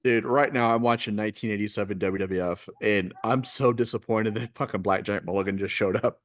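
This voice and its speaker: A man's voice: lowish voice, steady tone, a little fast. A man co-hosting a podcast, making dry wisecracks in casual chat. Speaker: podcast co-host.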